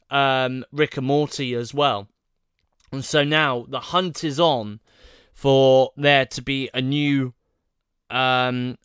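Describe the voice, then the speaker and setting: A man's voice: mid-range voice, a bit bright, clean tone, dry recording, clean studio sound. Rambling, self-doubting male vlogger. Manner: rambling, thinking aloud, unsure of himself. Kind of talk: casual solo chat to camera.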